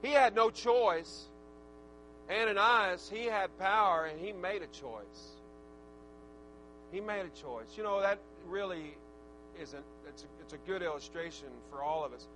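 A male preacher delivering a fervent sermon, swinging from shouted praise to soft, reflective talk. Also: high-pitched, measured pace, faint music behind, low-quality recording. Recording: steady mains hum.

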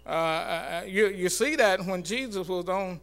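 Earnest male church speaker, high bright voice, halting informal sermon. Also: clean tone. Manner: earnest, halting, many fillers and restarts.

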